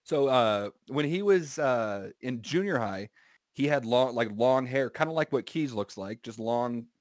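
A man co-hosting a podcast, telling a drawn-out high school story in a relaxed, rambling way with lots of fillers. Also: no echo, clean studio sound. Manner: drawn-out anecdotes with many fillers. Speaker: podcast co-host. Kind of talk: casual storytelling chat.

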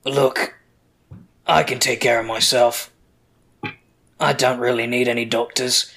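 A gruff caravan guard brushes people off with short, dismissive lines, as a game master plays him. His voice sits at an ordinary middle pitch. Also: little pitch movement, measured pace, a bit bright. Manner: curt and dismissive.

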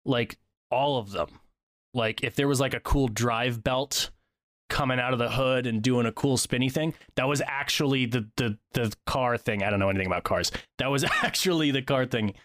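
Man, podcast co-host, casual chat, lively, dry close sound. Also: moderate pace, dry recording. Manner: animated, jumps into excited high-pitched bits.

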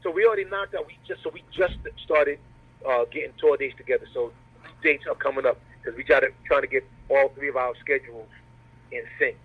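A man's voice: medium pitch, a little fast, slightly rough. A man, a comedian guest, talking in a laid-back, joking, slangy way on a remote call interview. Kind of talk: casual interview over a call. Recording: tinny phone-like call audio.

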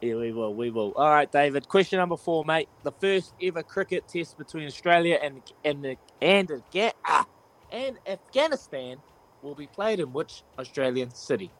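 A man's voice: fairly high pitch, lively intonation, normal speed, fairly bright tone. A man hosting a breakfast radio quiz, cheery and matey as he counts down the answers.

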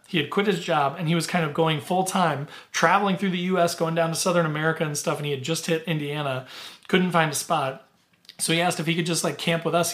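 A man's voice: fairly high pitch, a bit bright. Chatty middle-aged man telling campfire stories. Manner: chatty, filler-heavy, laughs easily. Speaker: podcast host. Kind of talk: casual storytelling.

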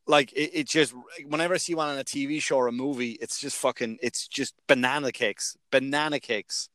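A man's voice: medium pitch, steady tone, brisk, a bit bright, no echo. A man with an Irish accent in his thirties, telling stories in casual chat, swearing and laughing often. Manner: profane, laughing storyteller.

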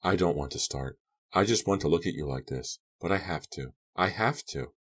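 A man doing a softly menacing unhinged girl. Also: deep voice, moderate pace. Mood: quietly menacing. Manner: soft, quiet, eerily calm menace. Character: unhinged young woman, calm then vicious.

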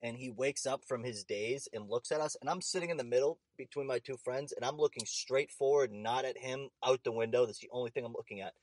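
A young man telling an animated, profane story in casual chat. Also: mid-range voice, a little fast, few pauses, no echo.

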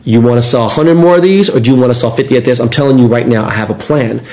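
A man telling stories as a podcast guest, animated and profane, acting out quotes. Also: mid-range voice, racing. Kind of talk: casual storytelling.

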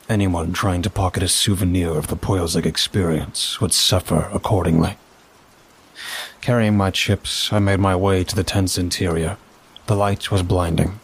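A man narrating a first-person story in a measured, dry way. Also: deep voice, husky.

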